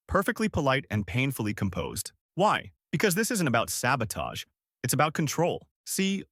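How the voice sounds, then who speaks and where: A man's voice: medium pitch, fairly bright tone, no echo, studio quality. A man reading a first-person story aloud as scripted narration, dramatic and storytelling in manner.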